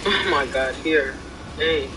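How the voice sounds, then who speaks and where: A woman's voice: low voice, takes it slowly, background noise. A woman playing a shooter game with friends, chatting bluntly, teasing and swearing freely at opponents. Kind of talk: casual chat while gaming.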